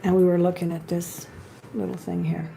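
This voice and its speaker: A woman's voice: fairly low pitch, completely flat delivery, normal speed, gravelly, warm tone. A woman hosting a live jewelry sale, chatting and admiring each piece as she shows it. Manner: chatty, admiring, talks while handling pieces. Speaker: live-stream jewelry seller.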